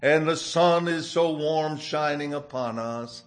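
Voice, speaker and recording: A man's voice: a little high, takes it slowly. A man doing a happy little duck. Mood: cheerful.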